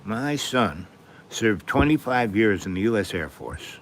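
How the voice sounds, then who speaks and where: A man's voice: fairly low pitch, expressive, measured pace, slight background noise. A man quoting a stern old grandmother.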